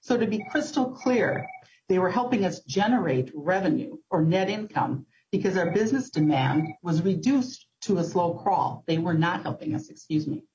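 A woman with a lowish voice gives earnest, measured testimony before a committee, now and then pausing on an um. The audio is muffled and lo-fi, as from a hearing room feed. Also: a little mellow. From Minnesota. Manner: earnest, measured, occasional ums. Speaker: testifier, business owner. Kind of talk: formal public testimony.

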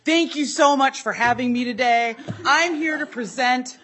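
A woman doing a playful impression of a male colleague in a committee hearing, speaking slowly with a drawn-out, jokey delivery. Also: high voice, fairly bright tone, a little hiss or hum, pitched above the performer's own voice. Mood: mock-formal.

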